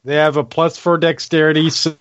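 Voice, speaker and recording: A man's voice: fairly high pitch, level tone, a little fast, fairly bright tone, dry recording, lo-fi sound. A man playing in a tabletop game, unsure as he checks rules and rolls for his creatures. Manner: unsure, asks about rules while rolling. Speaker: player (paladin). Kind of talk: casual tabletop play.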